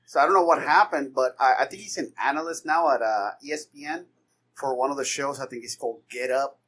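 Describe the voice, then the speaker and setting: A man co-hosting a podcast in casual chat, teasing and firing off quick questions. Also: mid-range voice, a bit bright.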